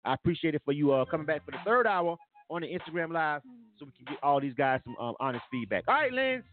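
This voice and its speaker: A man's voice: fairly high pitch, sing-song, fast talker. A man hosting a live music review show, talking loosely and rambling with lots of fillers. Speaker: radio show host. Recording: tinny phone-like sound.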